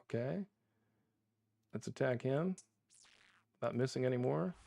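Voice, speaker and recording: A man streams a video game with live commentary, chatting with viewers and occasionally laughing in mock frustration. His medium-pitched voice is expressive, unhurried, gravelly and warm, with no echo.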